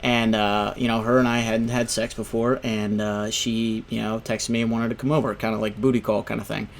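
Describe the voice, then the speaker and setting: A man's voice: lowish voice, little pitch movement, a little fast, vocal fry. Rambling young man telling a story. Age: young adult. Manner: rambling, full of "you know" and "right?". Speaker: gaming video host. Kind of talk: casual storytelling commentary.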